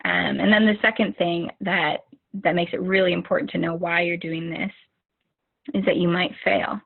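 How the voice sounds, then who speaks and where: A young woman with a low, husky voice gives a rambling pep talk to her team, full of fillers and restarts. She comes through a narrow, tinny video call line. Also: fairly even intonation, normal speed. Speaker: team leader giving a motivational talk.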